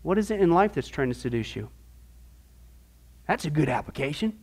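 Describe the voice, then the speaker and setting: A man's voice: fairly high pitch, very animated, moderate pace, darkish tone, slightly rough. A man teaching a Bible discipleship class as pastor, firing off rhetorical questions with folksy asides.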